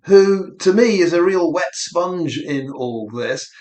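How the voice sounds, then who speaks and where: A man's voice: high-pitched, expressive, slow pace, darkish tone. A man co-hosting a livestream, giving earnest, reflective commentary on a case. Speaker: livestream co-host. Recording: echoey room.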